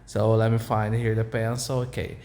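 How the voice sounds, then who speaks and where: A Portuguese-speaking man with a Brazilian accent, informally explaining his language's vowels to a learner in halting English with many fillers. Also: lowish voice, flat delivery, darkish tone, a little hiss or hum. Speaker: language tutor.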